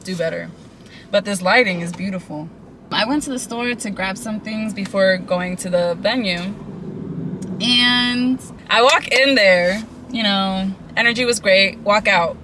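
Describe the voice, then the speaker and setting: A young woman vlogging casually to a phone camera in her car, telling stories in a chatty, animated way. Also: medium pitch, measured pace, noisy background.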